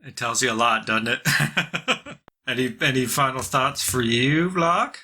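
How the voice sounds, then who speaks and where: A man's voice: medium pitch, slow, sharp tone. A man co-hosting a podcast, chatting casually and rambling with lots of restarts and fillers. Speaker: podcast co-host. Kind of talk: casual chat.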